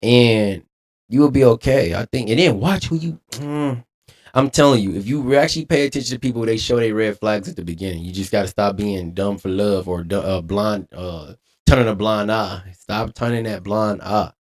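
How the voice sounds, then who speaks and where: A man's voice: on the low side, normal speed. Laughing man ranting on stream. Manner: laughing, animated, preachy rants. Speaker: streamer reacting to a clip. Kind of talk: casual reaction commentary.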